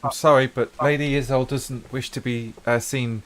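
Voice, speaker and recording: A man's voice: medium pitch, steady tone, normal speed, close to an everyday voice. A man playing a timid mousy young woman. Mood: nervous. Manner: quiet, apologetic, stammering.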